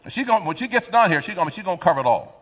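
A man preaching a sermon, reading scripture aloud and drawing the congregation in with call-and-response questions and sudden loud swells. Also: sits high, very animated, very fast, breathy edge, in a large hall, a faint crowd.

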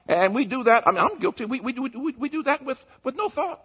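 A man preaching a sermon as pastor, swinging between shouted points and low, quiet asides. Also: sing-song, normal speed, slightly rough. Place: church. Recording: muffled lo-fi recording.

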